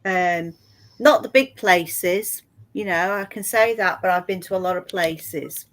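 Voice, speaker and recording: A woman's voice: lowish voice, a little slow. Hesitant woman chatting about her experiences. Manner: hesitant, full of ums and restarts. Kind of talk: casual chat.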